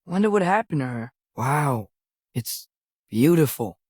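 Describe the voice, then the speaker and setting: A man's voice: fairly high pitch, very animated, a little slow, breathy edge, no echo, studio quality, full character voice. A curious, earnest teenage boy. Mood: musing. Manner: quiet, musing self-talk. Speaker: video game character. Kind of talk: game voice lines.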